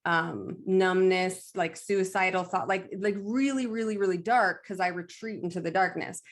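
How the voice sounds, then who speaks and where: Low-ish woman's voice, guest medium, candid chatty talk, laughs a lot, some swearing. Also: moderate pace. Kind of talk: casual conversation.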